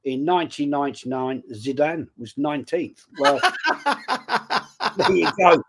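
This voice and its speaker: A man's voice: on the high side, animated, slow pace, background noise. London man hosting a livestream chat. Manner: friendly, shouting out viewers. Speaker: host. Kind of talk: livestream chat, reading comments.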